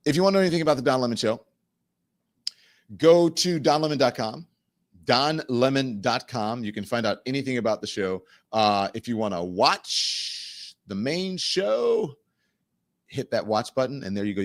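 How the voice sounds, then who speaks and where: Male talk-show host, slightly low voice, candid casual delivery, animated and direct to the audience. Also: no echo. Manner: candid, animated, talks straight to viewers. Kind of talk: casual livestream commentary.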